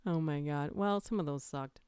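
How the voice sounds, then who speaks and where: This woman's voice is deep, clear and resonant, a little mellow, at a normal speed. Hosting a casual livestream from home with allergies leaving her nose slightly stuffy, she chats, giggles and whispers the creepy lines she reads aloud. There's no room sound, the close-mic audio is studio quality.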